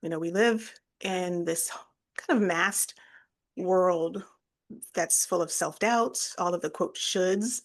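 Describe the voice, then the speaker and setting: A woman co-hosting a podcast, speaking in a measured, reflective way with frequent ums. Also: lowish voice. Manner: measured, thoughtful, fillers like um. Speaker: podcast co-host. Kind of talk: reflective conversation.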